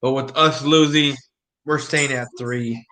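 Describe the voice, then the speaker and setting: Relaxed man rambling in casual chat. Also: mid-range voice, unhurried, crowd noise. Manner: relaxed rambling, repeats words.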